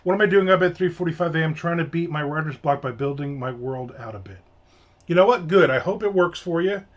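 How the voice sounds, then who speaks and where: A man from the United States chats on a livestream, answering viewer comments with jokes. His talk rambles, trails off and starts over. The sound is a little muffled and lo-fi. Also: a little high. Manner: rambling, jokey, trails off and restarts often. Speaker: livestream host. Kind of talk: casual livestream chat reading viewer comments. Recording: slightly dull lo-fi home mic.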